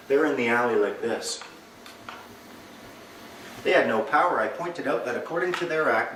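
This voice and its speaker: Animated male lecturer in an echoey room. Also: medium pitch, slight background noise. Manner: animated, acts out little dialogues with humor. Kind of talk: lecture to a live audience. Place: meeting room with an audience. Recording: echoey room, recorded from far off.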